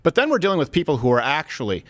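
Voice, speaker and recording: A man hosting a podcast, telling stories in a casual, animated way and laughing often. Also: fairly high pitch, very fast. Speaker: podcast host. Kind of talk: casual chat.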